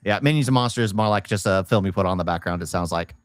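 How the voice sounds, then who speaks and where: A man's voice: sits low, fast, no echo, clean studio sound. A married man co-hosting a casual podcast, chatty and laughing often. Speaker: podcast co-host. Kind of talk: casual chat.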